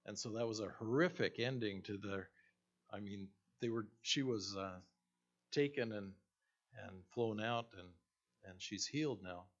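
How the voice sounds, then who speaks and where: A male pastor delivering a sermon and telling a story slowly, with fillers and restarts. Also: lowish voice. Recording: dull lo-fi recording.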